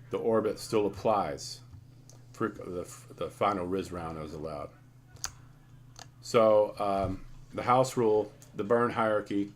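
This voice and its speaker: A man walking through the rules of his card game in a loose, casual tutorial, often restarting sentences and filling pauses with ums. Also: on the low side, slight background noise.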